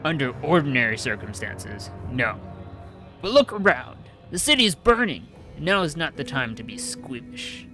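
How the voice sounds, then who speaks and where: A man's voice: mid-range voice, very animated, normal speed, sharp tone, soft background music. A man voicing a ruthless, fanatical male crusader who is secretly a traitor, bellowing and gloating as he reads the game's lines aloud. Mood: zealous.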